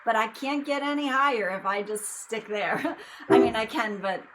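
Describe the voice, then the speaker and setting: A woman's voice: a little high, normal speed, fairly bright tone, slight background noise, low-quality recording. A young adult woman teaching singing in a casual lesson, explaining in a loose, chatty way with lots of fillers. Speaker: vocal coach.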